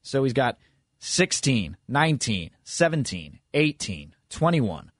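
A man co-hosting a sports radio show in a loose, rambling way, with many stops and restarts as he works through his point. His voice sits at an ordinary pitch. The sound is dry and close to the mic. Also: very animated, slow, husky, no room sound. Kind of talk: casual sports radio chat.

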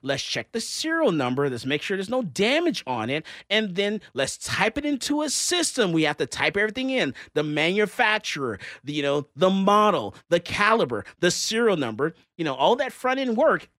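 Animated, bright-voiced male radio host. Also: high voice, normal speed, hardly any pauses, dry recording, studio quality. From Texas. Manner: animated, exasperated rants with many fillers. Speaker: radio talk show host. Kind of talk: casual radio chat.

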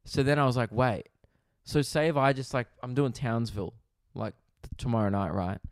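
A young man hosts his own comedy podcast, spinning a long, self-deprecating anecdote and slipping into quick quoted asides. His voice sits at an ordinary middle pitch. The recording is dry and close, with no room sound. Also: dry recording. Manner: rambling, self-mocking, quoting others in quick asides. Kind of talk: casual storytelling monologue.

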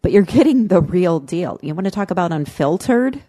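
Woman, podcast co-host, impassioned storytelling, low pitch, mellow tone. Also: lively intonation, normal speed. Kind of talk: casual podcast chat.

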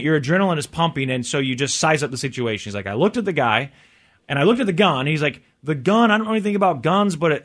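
A man co-hosting a talk show, telling a story in a quick, casual way and acting out the quotes. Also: fairly high pitch, a bit bright. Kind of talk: casual chat.

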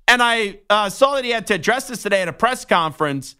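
A man's voice: high-pitched, lively intonation, quick pace, bright, forceful tone, clear, resonant tone. A young adult man hosting a sports talk show, ranting in an indignant, worked-up way. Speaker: sports radio host. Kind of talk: heated talk-show rant.

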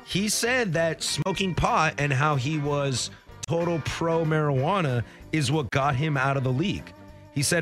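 A man's voice: a little high, a little slow, faint music behind. Enthusiastic man telling radio stories. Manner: animated, enthusiastic storyteller. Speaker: radio co-host. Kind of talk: casual sports radio storytelling. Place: radio studio.

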